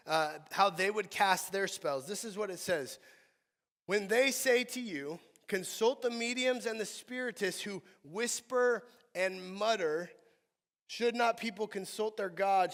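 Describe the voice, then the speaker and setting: A man preaching a sermon as pastor, animated, swinging between quiet stretches and loud outcries. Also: high voice, long reverb tail. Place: church sanctuary.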